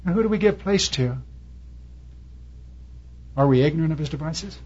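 Husky preacher man, dull lo-fi sound. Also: a little high, animated, moderate pace, darkish tone. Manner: storytelling preacher, quotes people in raised voices. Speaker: pastor. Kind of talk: sermon. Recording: dull lo-fi recording.

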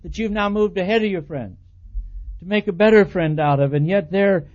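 A man with a high voice preaches a sermon, telling animated personal stories and acting out both sides of the dialogue. The recording is dull and lo-fi. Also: moderate pace. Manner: animated storytelling, acts out quoted dialogue, chuckles at himself.

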